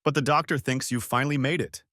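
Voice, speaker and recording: A man doing a gentle British nurse. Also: medium pitch, fairly even intonation, quick pace, no echo, clean studio sound, voice pushed up, lightly acted. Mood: reassuring. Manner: gentle, reassuring. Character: kindly British hospital nurse, woman.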